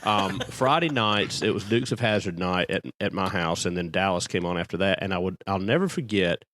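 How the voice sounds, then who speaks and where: A man's voice: sits low, a little fast, fairly bright tone, a little hiss or hum. A middle-aged man co-hosting a podcast in casual chat, wry and joking. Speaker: podcast co-host.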